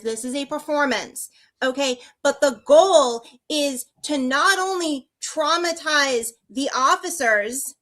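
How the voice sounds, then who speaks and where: A woman's voice: sits high, bright, forceful tone. A woman appearing as a guest on a live talk stream, speaking earnestly, restarting her sentences and often checking in with "right?". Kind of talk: casual live-stream chat.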